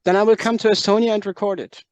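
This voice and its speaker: A man's voice: sits high, steady tone, quick pace, no room sound. A man co-hosting a podcast interview, speaking hesitantly with short interjections. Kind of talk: casual interview chat.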